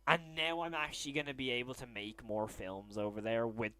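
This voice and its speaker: A young adult man hosting a casual livestream, excitable and openly emotional as he talks to viewers. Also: mid-range voice, a little fast, no echo. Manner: excitable, then hushed and emotional. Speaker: livestream host.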